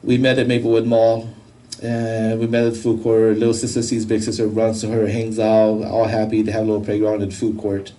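A man giving a personal testimony, telling his story in a halting, emotional way with many restarts. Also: lowish voice, monotone, warm tone, far from the mic, poor audio. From United States. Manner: halting, repeats words, emotional.

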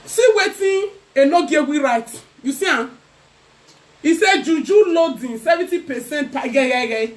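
A woman's voice: high-pitched, very animated, normal speed. A young Nigerian woman vlogger giving a mocking gossip commentary rant in a taunting, sing-song way.

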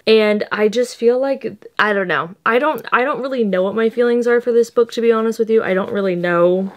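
Chatty, exasperated young woman vlogger. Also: mid-range voice. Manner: chatty and exasperated, with laughs and asides. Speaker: book vlogger. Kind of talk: casual reading vlog.

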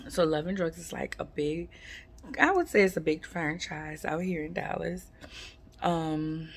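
A woman, chatting casually to her viewers in a rambling, relaxed way with lots of fillers. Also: low-pitched, a little hiss or hum. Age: 40s. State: sleepy, yawning. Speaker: vlogger. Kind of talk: casual chat to camera.

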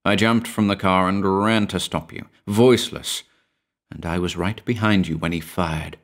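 A man voicing a cold, soft-spoken young woman's ghost who speaks in a hushed tone in a storybook reading. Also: sits low, fairly even intonation, moderate pace. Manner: hushed, quiet.

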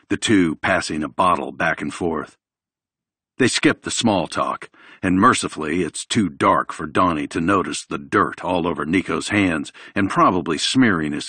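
A man reading a thriller audiobook in a measured, even delivery. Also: sits low, slightly rough, dry recording. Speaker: audiobook narrator. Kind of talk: scripted audiobook narration.

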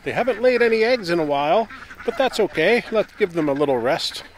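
A man casually narrating his day on a small farm, relaxed and chatty. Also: brisk. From Canada. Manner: relaxed, chatty, talks to animals in a high coaxing voice. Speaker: farm vlogger. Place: outdoors on a farm.

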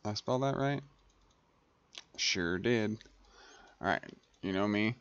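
A man's voice: fairly low pitch, takes it slowly, fairly bright tone, clear, resonant tone, no echo. A man hosting a gaming channel, chatting casually over gameplay, thinking aloud and correcting himself as he goes. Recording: dry, slightly dull home recording.

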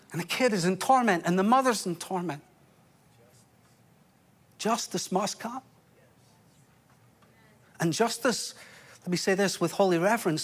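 A Scottish man preaching a sermon as pastor, impassioned, with sudden drops to a hush. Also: high-pitched, unhurried, pauses often. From Scotland.

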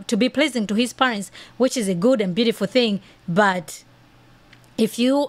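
A woman hosting a podcast, giving earnest, opinionated commentary peppered with "you know" and "okay". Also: mid-range voice. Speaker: podcast host.

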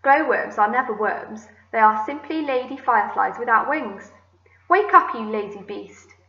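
A woman voicing a grumpy, bossy male centipede in a storybook reading, impatient and shouting. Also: on the high side, expressive, normal speed, echoey room, lo-fi sound. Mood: grumbling.

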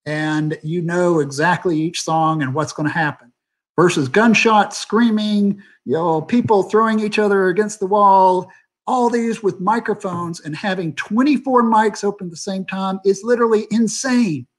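A man's voice: high-pitched, normal speed. A man, a theater sound designer, talking candidly and rambling with many fillers on a video call. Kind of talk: panel talk on a video call.

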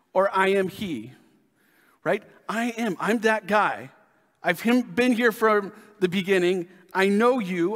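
Male pastor, high voice, slow earnest sermon delivery, church sanctuary reverb. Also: fairly bright tone. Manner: earnest, repeats key phrases slowly.

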